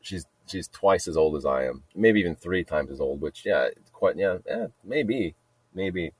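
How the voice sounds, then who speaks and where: A man's voice: low-pitched, lively intonation, measured pace, breathy edge, no echo. A middle-aged man telling a story in a rambling casual monologue, repeating himself and laughing at his own jokes. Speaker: podcast host telling a story.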